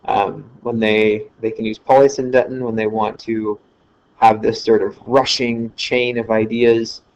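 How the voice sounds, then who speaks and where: Speaking a little slowly in a level, darkish voice on the low side, a man gives an informal lecture over a screen recording. He talks loosely, uses fillers, and corrects himself as he goes, and the lo-fi audio is slightly dull.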